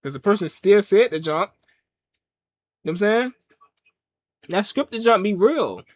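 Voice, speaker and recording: A man reviews a wrestling show in a loose, joking ramble, his pitch leaping up and down. His voice sits fairly high for a man and comes across close and dry, as if he is sitting right at the mic. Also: animated, unhurried, no echo. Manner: loose, joking rants with frequent laughs. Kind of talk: casual watch-along commentary.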